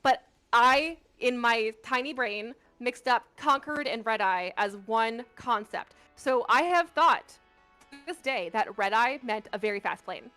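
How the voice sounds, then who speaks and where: Giggly, rambling woman co-host with a bright, fairly high voice and faint music behind her. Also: animated, unhurried. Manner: giggly, rambling, self-deprecating. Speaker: co-host of a trivia stream. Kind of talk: casual chat.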